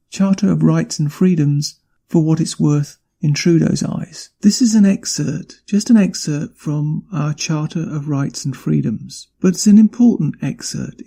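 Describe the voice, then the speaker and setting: A man's voice: fairly high pitch, vocal fry, mellow. A man hosting a podcast, delivering an indignant, emphatic political rant. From not from Canada. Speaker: podcast host. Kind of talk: angry political commentary.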